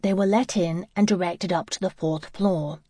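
A woman reading a novel aloud as an audiobook narrator, in a steady, measured voice, close to the mic. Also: lowish voice, no room sound. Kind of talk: scripted narration.

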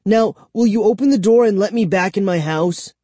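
Panicky young boy, man reader putting him on, high pleading voice, dry close mic. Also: normal speed, mellow, dry recording. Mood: defiant. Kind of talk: audiobook reading.

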